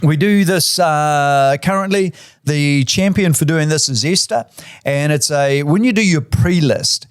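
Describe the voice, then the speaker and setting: Aussie real estate guy rattling off tips, lots of uhs, a bit high pitched. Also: measured pace, smooth, dry recording, clean studio sound. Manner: enthusiastic, chatty, lots of "uh" fillers. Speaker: real estate CEO and auctioneer giving tips. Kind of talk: casual instructional talk.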